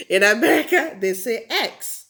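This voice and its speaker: A woman from Nigeria with a Nigerian accent, telling lively stories in a casual vlog and laughing often. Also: mid-range voice, measured pace. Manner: animated, laughs often, acts out quotes. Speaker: vlogger.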